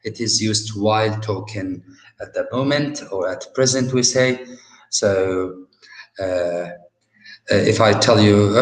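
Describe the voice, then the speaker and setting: A man on the low side, with an Arabic accent, keeps a steady tone as he teaches English vocabulary in a university lesson recording. Patient and slow, he fills gaps with many "uh" sounds and relies on everyday examples, captured in poor, echoey audio.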